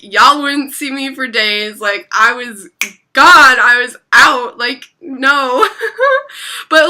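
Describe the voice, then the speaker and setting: A woman's voice: mid-range voice, bright, forceful tone. A young woman telling a story in a casual vlog, chatty, packed with filler words and casual swearing. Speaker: vlogger.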